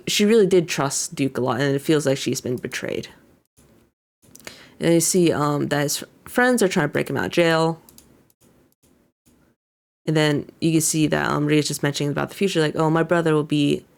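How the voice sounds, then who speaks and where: Offering casual commentary, this young VTuber walks through an anime episode, loosely restating what the characters say and filling gaps with fillers. Her voice is low and a little mellow.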